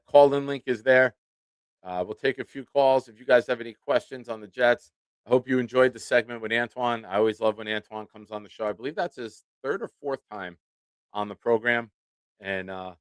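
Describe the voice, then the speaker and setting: A medium-pitched man with a clear, resonant tone hosts a live sports show, casually chatting with his viewers in a dry recording. He's a podcast host in his forties nursing a swollen tooth, and his live-stream talk is relaxed, chatty and self-deprecating.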